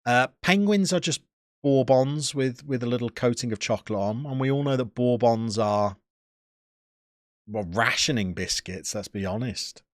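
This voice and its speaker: A man streaming and bantering with his chat in a lively, bouncing voice. He sounds jokey and opinionated, and the sound is dry and close, with no room in it. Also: medium pitch, moderate pace, no echo. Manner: chatty, joking, opinionated banter. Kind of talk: casual chat answering live chat.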